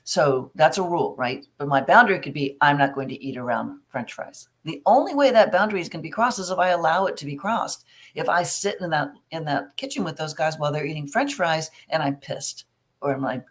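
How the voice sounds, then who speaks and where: A woman's voice: low-pitched, lively intonation, a little fast. A middle-aged woman, a family recovery coach, answering viewer questions in a casual, chatty live Q&A and giving frank advice with everyday examples.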